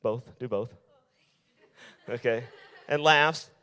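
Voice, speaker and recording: A man's voice: medium pitch, slow, bright, forceful tone, smooth, long reverb tail. A male youth pastor preaching to teenagers in an emphatic style, repeating his key lines. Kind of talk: sermon.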